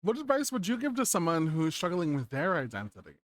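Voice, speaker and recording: An upbeat streamer hosts a casual interview, quick to cheer the guest on. His pitch moves a lot, and the sound is close and dry. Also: huge pitch swings, no echo.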